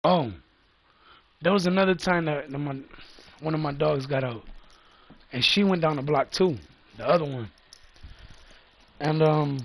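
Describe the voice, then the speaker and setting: Casual vlogger man, gravelly and slightly high-pitched, rambling and profane. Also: a little slow, long pauses, dry recording. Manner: loose, profane, repeats himself. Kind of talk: casual storytelling.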